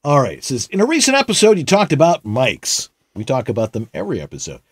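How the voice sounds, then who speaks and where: A man's voice: medium pitch, huge pitch swings, fast, breathy edge, no room sound, studio quality. A man co-hosting a casual tech show, reading listener questions with wry, jokey asides.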